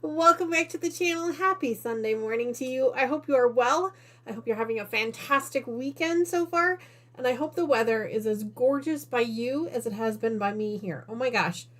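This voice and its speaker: A woman from Northern Illinois hosts a quilting live stream, her voice a little high and fairly bright at a normal speed. Chatty and out of breath, she keeps the conversation casual and drops apologetic asides to her viewers.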